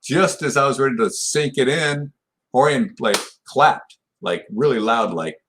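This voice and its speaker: Animated and measured, his mid-range voice a bit bright, a podcast guest in his sixties recounts a long story. He's a martial arts black belt, and his telling rambles, with many restarts and "you know" fillers.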